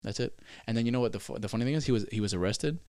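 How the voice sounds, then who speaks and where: A man co-hosting a casual sibling podcast, telling stories in an animated, profane way. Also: medium pitch, very fast, no room sound, clean studio sound. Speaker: podcast co-host. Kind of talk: casual chat between siblings.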